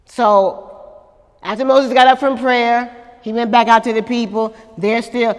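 A woman's voice: a little high, steady tone, a little slow, long reverb tail. A woman pastor preaching a sermon at a church service, with dramatic call-and-response to the congregation.

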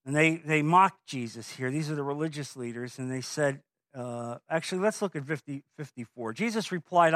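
A man preaching a sermon as pastor, building to forceful emphasis with rhetorical questions, and stumbling over restarts in asides. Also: a little high, moderate pace, dry recording, studio quality. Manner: frequent fillers and restarts when speaking offhand.

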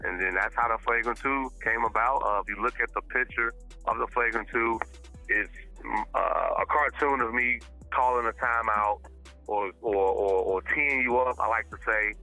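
A middle-aged man tells stories as a podcast guest, bursting into phrases and restarting them as he goes. His tone is sharp and forceful. Soft music plays underneath. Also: medium pitch, normal speed, low-quality recording. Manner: animated, talks in bursts with repeated starts. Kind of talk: casual podcast chat.

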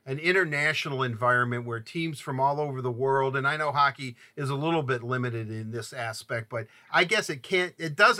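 An older man from Southeast Michigan hosting an interview, talking in halting, rambling sentences full of restarts. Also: mid-range voice, sharp tone. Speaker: podcast host. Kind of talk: conversational interview.

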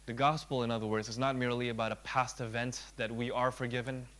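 A man preaching a sermon with earnest emphasis. He drops to a soft, slow, near-whispered delivery and rises again for emphasis. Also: mid-range voice, little pitch movement. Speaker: pastor.

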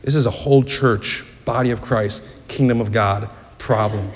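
A man's voice: mid-range voice, fairly even intonation, moderate pace, a little hiss or hum. Man preaching in church, earnest storyteller, asks the room questions, echoey hall. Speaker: pastor. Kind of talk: sermon.

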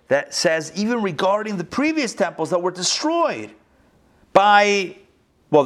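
A man, a rabbi, teaching a class in an animated way, throwing rhetorical questions at his students. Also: medium pitch. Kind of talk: interactive lesson.

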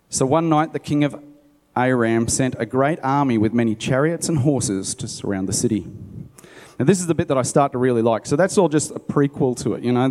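A man delivering a sermon, reading scripture and stopping to muse about it in a relaxed, conversational way. His voice is mellow and warm. A long hall reverb trails behind every line. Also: medium pitch. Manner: conversational, musing aside. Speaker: preacher. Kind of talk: sermon, Bible reading with commentary.

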